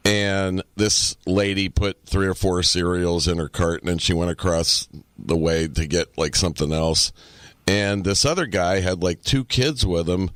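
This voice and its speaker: A man's voice: sits low, fairly even intonation, a little slow, fairly bright tone, no room sound. A man co-hosting a podcast, chatting casually and telling profane stories, acting out the people he quotes. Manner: storytelling, profane, acts out quotes. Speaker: podcast co-host. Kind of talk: casual chat.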